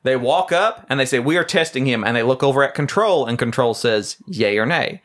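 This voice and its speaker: Animated laughing man telling a story. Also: a little fast. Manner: animated, laughing storyteller acting out dialogue in lower voices. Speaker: podcast co-host. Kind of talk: casual storytelling chat.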